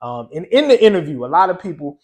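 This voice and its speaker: A man with a high-pitched speaking voice recounts a story as a guest on an interview show. His delivery is loose and conversational, with frequent "you know" and "um" as he talks. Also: big pitch swings, fast talker. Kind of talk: casual storytelling.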